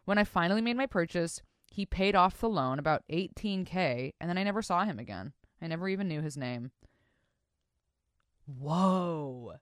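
Her voice sits slightly low, and this podcast host is expressive, speaking at a normal speed as she reads listener stories, cursing casually and crudely. Every so often she swings into exaggerated, mock-disgusted reactions. It's a dry, close recording without echo.

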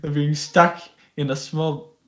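A man's voice: fairly high pitch, little pitch movement, takes it slowly. A man hosting a podcast, telling a story in a casual, chatty way and laughing as he goes. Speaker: podcast host. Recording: echoey room.

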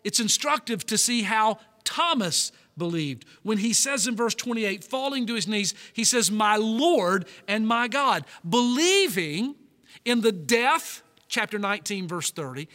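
A male pastor preaching a sermon, emphatic, slowing down and stretching key words. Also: high voice, animated, pushed and bright. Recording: long reverb of a large hall.

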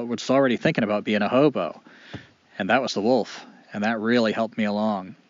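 A man telling a folk tale in an animated, expressive way with dramatic pauses. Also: lowish voice, dry recording, highs cut off. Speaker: storyteller. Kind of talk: oral storytelling.

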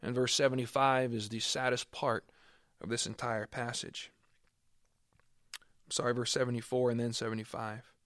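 A man's voice: medium pitch, level tone, normal speed, long pauses, fairly bright tone, no room sound. Earnest male preacher, dry sound. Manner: earnest, builds to emphatic swells on key words. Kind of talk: sermon with scripture reading.

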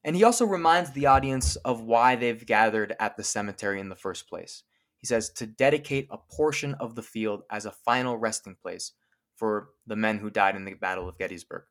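A man co-hosting a podcast, explaining a famous speech in a clear, lecturing way and slowing down to quote lines from it. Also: fairly low pitch. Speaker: podcast co-host.

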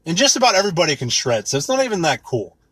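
A man's voice: fairly high pitch, very animated, very fast, a bit bright, husky, no echo. A man in his thirties ranting with rambling sarcasm and heavy swearing, mocking things in put-on voices. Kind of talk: profane comedic rant.

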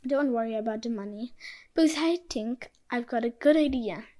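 A woman voicing a kind, poor male junkman in a storybook reading, speaking gently and soothingly. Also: on the high side, normal speed, lightly acted. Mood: gentle.

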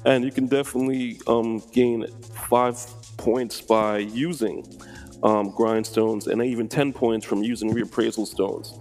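A man's voice: medium pitch, steady tone, unhurried, a little mellow, faint music behind. A man co-hosting a casual gaming chat, explaining event rules with frequent ums. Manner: explanatory, many ums and you-knows. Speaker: co-host.

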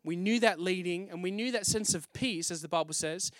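High-voiced pastor telling his story. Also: a little fast, no echo. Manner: storytelling, acts out his own past exclamations; frequent restarts and fillers, conversational. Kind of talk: testimony sermon.

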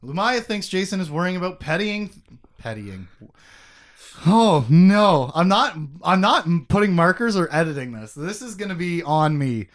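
A man's voice: high-pitched, very animated, normal speed, a bit bright. A man co-hosting a casual podcast, rambling and self-mocking, swearing freely as he recaps a story. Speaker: podcast co-host recapping a book.

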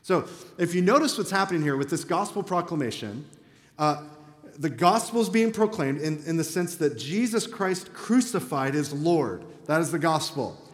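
A man's voice: on the high side, lively intonation, moderate pace. A man preaching a sermon as pastor in a church, talking in a conversational but emphatic way. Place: church sanctuary. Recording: echoey hall reverb.

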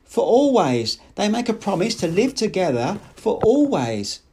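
A man reading an audiobook, voicing an earnest, lovestruck young man who speaks in a halting, desperate, impassioned way. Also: high-pitched, big pitch swings, a little mellow, a little hiss or hum, voice pushed up, exaggerated voice.

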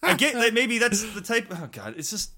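A man's voice: extremely high pitch, very animated, moderate pace, bright, forceful tone. A man ranting in a casual chat about a video game, rambling, swearing and laughing often.

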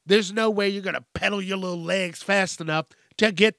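Man, podcast host, cussing rant, exasperated, bright tone, fairly high voice. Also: fairly even intonation, brisk, gravelly, few pauses, dry recording, clean studio sound. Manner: profane, exasperated, ranting. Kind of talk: casual solo rant.

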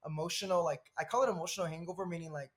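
A man in his thirties from Southern California, a podcast guest telling a personal story in a lively, rambling way with frequent laughs. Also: a little high, racing. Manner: animated, laughs often, rambling asides.

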